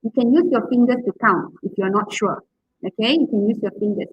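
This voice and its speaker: Woman lecturer, husky and slightly high, teaching by repetition with constant "okay?" checks; muffled, dry recording. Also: brisk, no echo. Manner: frequent checking "okay?" and "right?", models words aloud with exaggerated stress. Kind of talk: university lecture on public speaking.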